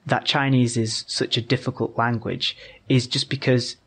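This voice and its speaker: A man's voice: mid-range voice, little pitch movement, normal speed, fairly bright tone, slightly rough. A man, a podcast guest, explaining patiently in a casual conversation, often restarting his sentences.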